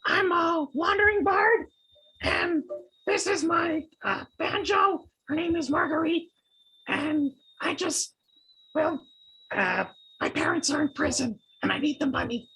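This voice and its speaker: A woman voicing a tiny, cheerful male kobold bard in a tabletop game, squeaky and giggly. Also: unhurried, bright, forceful tone, heavily acted, low-quality recording. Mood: chirpy. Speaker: player.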